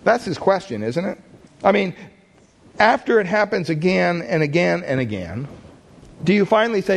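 A man preaching a sermon with a somewhat high voice. He talks in a conversational way, asking questions straight to the congregation. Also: big pitch swings, moderate pace, vocal fry, long pauses. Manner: conversational, asks the listeners questions. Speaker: pastor.

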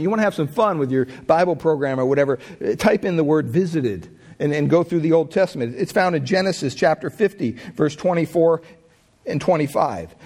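A man preaching with a fairly high voice. He keeps putting questions to his listeners, and his pitch swings widely from low, quiet lines to bright, lifted ones as he presses each point. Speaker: pastor. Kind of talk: sermon.

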